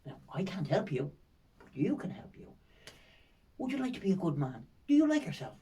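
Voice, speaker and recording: A man voicing a gentle, eccentric older male astrologer who hums and coaxes softly. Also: a little high, sing-song, distant mic, a little hiss or hum, pitched above the performer's own voice. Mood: musing. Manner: soft, musing, coaxing, with drawn-out hums.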